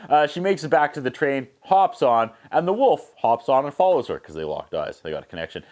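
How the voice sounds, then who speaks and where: A man's voice: mid-range voice, big pitch swings, darkish tone. Sarcastic man recapping a movie. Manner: sarcastic, acts out characters in quick voices. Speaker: movie reviewer. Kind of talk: comedic plot recap.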